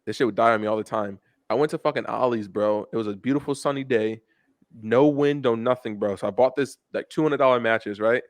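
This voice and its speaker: A man's voice: mid-range voice, a little fast, dry recording. A young man co-hosting a podcast, telling rambling, profane stories in casual chat and calling everyone "bro". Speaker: podcast co-host.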